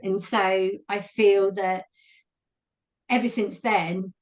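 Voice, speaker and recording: Woman, forties, candid guest, reflective, quick to laugh. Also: mid-range voice, fairly even intonation. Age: 40s. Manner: open, reflective, laughs easily. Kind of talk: candid personal conversation.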